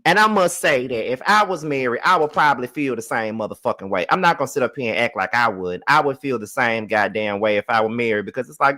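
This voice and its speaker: A young man hosting a casual live review of a reality show, profane and rambling, laughing often and going loud and high when he gets excited. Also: fast talker, few pauses. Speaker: TV show reviewer and channel host.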